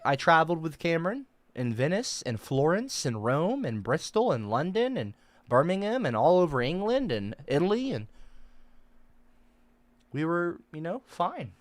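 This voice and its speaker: Lively rambling male streamer. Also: fairly high pitch, dry recording. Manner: lively, rambling, quick to get defensive. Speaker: streamer reading chat. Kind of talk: casual chat.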